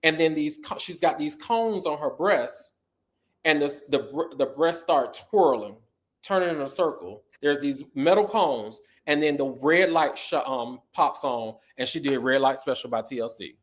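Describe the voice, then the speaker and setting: A middle-aged man telling stories in a casual interview, animated and sassy, acting out quotes. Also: fairly high pitch, moderate pace. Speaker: guest.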